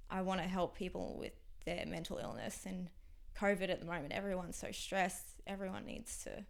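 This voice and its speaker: A young Australian woman speaking as a podcast guest, talking frankly in halting phrases that sometimes drop to a near whisper. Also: on the low side, vocal fry. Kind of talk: candid interview conversation.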